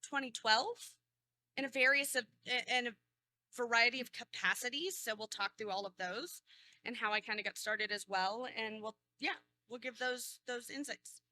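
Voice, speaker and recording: A woman in her thirties talks through a convention panel while losing her voice. Her tone is very bright and sits a little high, and she rambles, restarts and laughs easily. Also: moderate pace. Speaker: cosplay guest panelist. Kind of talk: casual convention panel talk.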